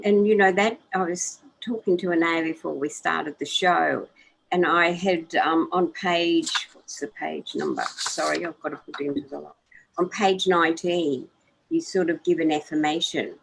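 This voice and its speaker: A woman co-hosting a live show, talking gently and encouragingly, often restarting her sentences. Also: low voice, normal speed, creaky, slightly rough, rough recording. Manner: gentle, encouraging, repeats words when starting. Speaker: co-host. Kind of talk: casual chat.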